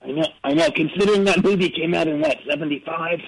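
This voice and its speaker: A man's voice: fairly high pitch, quick pace, breathy edge, poor audio. A man on a comedy call-in show impersonating an aging male rock star who rambles through earnest, absurd boasts. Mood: rambling. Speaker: caller. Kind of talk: comedic impression on call-in radio.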